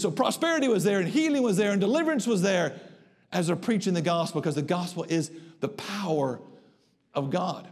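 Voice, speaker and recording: A man preaching a sermon to a congregation, emphatic, slowing down and rising in pitch to drive home his points. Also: animated. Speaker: pastor. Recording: long reverb of a church hall.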